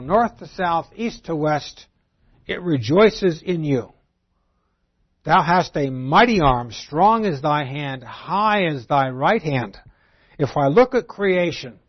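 A man giving an expository Bible lecture, reading verses aloud and explaining them, moving between emphatic lines and very quiet ones. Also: a little high. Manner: swings from emphatic to very soft and quiet. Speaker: Bible teacher. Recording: dull lo-fi recording.

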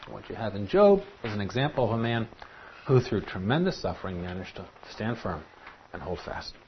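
A man preaching a sermon in an animated, emphatic way. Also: lowish voice, brisk, slight background noise. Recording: dull lo-fi recording.

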